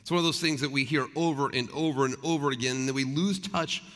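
A pastor in mid-sermon, his voice ringing out in a long hall reverb. He is a man of middling pitch who preaches in an earnest, conversational way. He keeps turning to the congregation with rhetorical questions. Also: fast talker, fairly bright tone. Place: church sanctuary.

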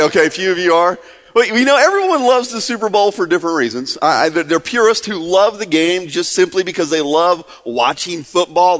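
A pastor in his forties opens a sermon in an upbeat, chatty manner, quizzing his congregation in a church hall. His voice is high-pitched and fairly bright, and the recording carries long church reverb.

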